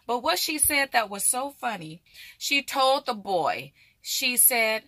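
A woman's voice: a little high, very animated, slow pace, pushed and bright, dry recording, studio quality. A middle-aged woman vlogger chatting animatedly and directly to her viewers. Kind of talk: casual chat to camera.

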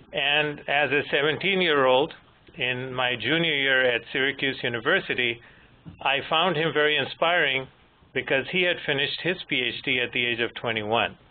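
A man in his fifties, moderator and presenter, giving a measured technical lecture with gentle humor. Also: medium pitch. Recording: tinny phone-line audio with faint noise.

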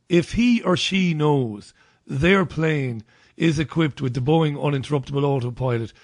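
A man's voice: on the high side, no echo, studio quality. A man hosting an interview, asking long, hedging questions in a chatty way. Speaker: radio host.

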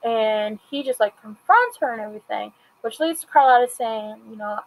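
A woman's voice: fairly high pitch, animated, brisk, hardly any pauses, poor audio. A woman casually recapping and reviewing a TV episode, retelling scenes through quoted dialogue in a chatty way.

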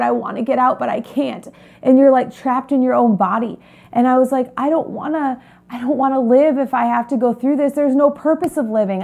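A woman's voice: fairly high pitch, a little mellow. A woman, a holistic health coach, telling her personal story to viewers in an earnest, confiding way. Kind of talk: personal testimony to camera.

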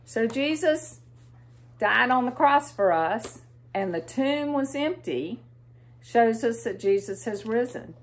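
A woman with a Southern American accent reading a storybook to children in a gentle, expressive way, asking them questions. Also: on the high side, slow pace.

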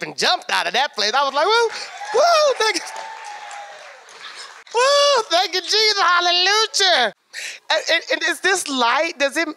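A woman's voice: on the high side, pushed and bright. A woman telling her personal faith story in a candid, emotional way, acting out what she said and prayed back then. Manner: emotional, acts out her own past words, quick bursts. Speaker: guest, sister-in-law. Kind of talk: personal testimony.

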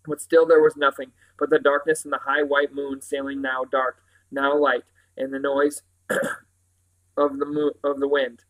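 A man reading a children's novel aloud in a steady manner, with occasional slips and restarts. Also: mid-range voice, unhurried, poor audio. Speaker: reader.

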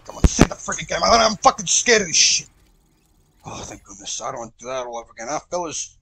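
A man hosting a let's play, reacting loudly and profanely, yelling at the game as he plays. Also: fairly high pitch, fast talker, vocal fry, slight background noise. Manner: excitable, profane, shouts at the game. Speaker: gaming channel host.

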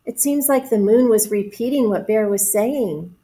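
Reading a storybook to young children, a woman goes warmly and slowly, explaining words, asking questions and encouraging them. Her voice is on the high side with a breathy edge, and the audio is poor.

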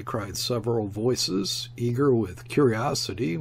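A man narrating a classic novel as an audiobook, with a husky, slightly raspy tone and a gravelly edge. His delivery is animated, and his pitch rises and falls a lot as he reads. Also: a little slow. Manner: expressive, shifts tone for quoted speech. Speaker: audiobook reader. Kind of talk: scripted narration.

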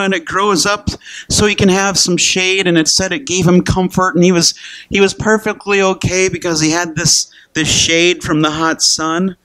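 A man's voice: a little high, fairly even intonation, moderate pace, a bit bright, no room sound. A man pastor preaching a sermon in a casual conversational way, asking rhetorical questions and acting out Bible characters. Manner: acts out Bible characters in quoted voices.

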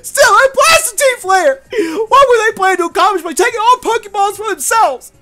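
A man's voice: very high-pitched, animated, normal speed, sharp tone, faint music behind, voice pushed up, exaggerated voice. A man voicing overwrought video game characters in a shrieking, melodramatic, sobbing voice. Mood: tearful.

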